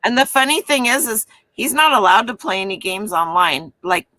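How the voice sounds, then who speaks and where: Bright, chatty woman in her fifties. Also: medium pitch, animated, normal speed. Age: 50s. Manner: chatty, teasing. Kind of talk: casual chat.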